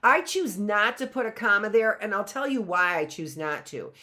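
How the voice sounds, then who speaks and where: A woman's voice: mid-range voice, lively intonation, moderate pace, sharp tone. A middle-aged woman teaching a grammar lesson in a chatty way, often checking in with "right?" and laughing at herself.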